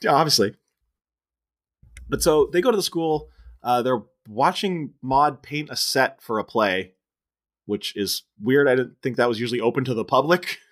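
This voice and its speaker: A man's voice: mid-range voice, moderate pace, a bit bright. A man co-hosting a podcast, casually recapping a movie's plot scene by scene and laughing often. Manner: retells scenes with bits of quoted dialogue, laughing often. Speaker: podcast co-host.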